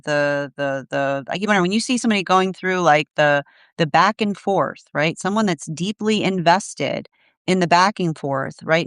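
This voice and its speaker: Woman tarot reader on a live stream; slightly low voice, dry sound; searching delivery full of restarts. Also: a bit bright, clear, resonant tone, dry recording. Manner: searching, restarts often, tags lines with "right?". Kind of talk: live-streamed energy reading.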